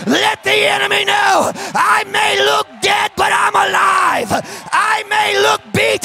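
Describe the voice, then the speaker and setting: A young man preaching a hyper, emotional Pentecostal sermon in a church, fast-talking and shouting out his lines. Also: extremely high pitch, creaky. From St. Louis. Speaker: guest preacher. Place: church sanctuary.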